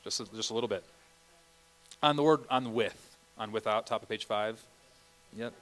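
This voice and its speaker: A man's voice: fairly low pitch, normal speed, poor audio. A man directing a choir rehearsal, counting beats and singing bits of phrases as he coaches the singers. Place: church rehearsal room.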